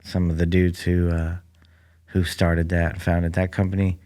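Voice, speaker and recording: A man's voice: deep voice, completely flat delivery, a little slow, dark tone. A man hosting his own podcast alone in a library room, rambling dryly with lots of fillers into a mic that picks up the room. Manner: rambling, dry, many fillers. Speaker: podcast host. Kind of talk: casual comedic monologue. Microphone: studio mic that picks up the room.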